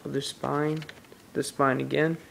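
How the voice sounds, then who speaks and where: A man's voice: mid-range voice, level tone, measured pace, gravelly, slight background noise. A man casually reviewing a movie on tape, retelling the plot in a rambling way with restarts.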